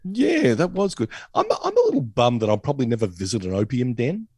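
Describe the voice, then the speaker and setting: A man co-hosting a casual review podcast, his voice gravelly and husky. He chats with lively, swinging intonation and laughing asides, recorded close and dry. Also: mid-range voice, a little fast, no room sound. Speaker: podcast co-host. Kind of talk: casual episode review chat.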